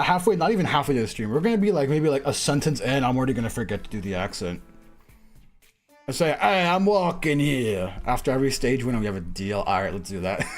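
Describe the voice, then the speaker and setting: Guy streaming a game, rambly and laughy, voice bouncing all over, faint music behind. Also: medium pitch. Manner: rambling, filler-heavy, laughs often, says "bro" and "freaking". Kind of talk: casual live-stream chat while playing.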